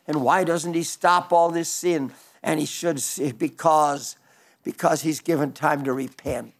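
A male pastor preaches with fervent, rhythmic repetition, building his points line by line. His voice sits slightly high and carries a gravelly rasp. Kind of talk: sermon.

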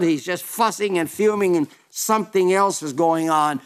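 Elderly male preacher in his eighties with a slightly high voice, fervent, repeats phrases as he tells the story. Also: moderate pace, hardly any pauses, clean tone. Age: 80s. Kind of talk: sermon.

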